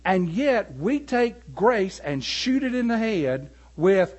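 A man preaching a sermon, animated and building to emphatic peaks. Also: high voice, slow pace, muffled recording.

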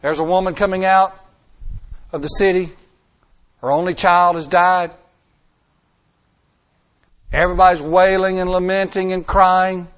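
A middle-aged man preaching a sermon. He talks emphatically, with dramatic swings in loudness and pace, and asks the congregation rhetorical questions. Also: sits high, little pitch movement, a little slow, long pauses.

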